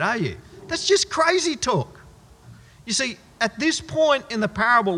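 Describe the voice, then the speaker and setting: A man's voice: sits high, sharp tone, in a large hall. A man preaching a sermon in a conversational, wry style with exaggerated asides.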